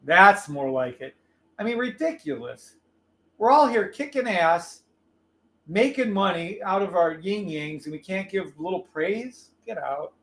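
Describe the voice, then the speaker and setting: A man hosting a live trading stream, calling trades in an excitable, profane, loud way. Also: high-pitched, a little slow. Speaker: livestream trading host.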